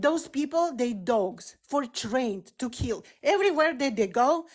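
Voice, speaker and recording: A woman's voice: high-pitched, lively intonation, measured pace. A woman from Russia, a doctor calling into a live-stream debate, talking insistently and firing off rhetorical questions. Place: in Europe.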